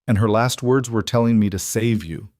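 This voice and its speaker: A man's voice: on the low side, normal speed, darkish tone, no echo, clean studio sound, natural voice. A man voicing a fierce, determined young she-wolf heroine with an urgent, defiant manner.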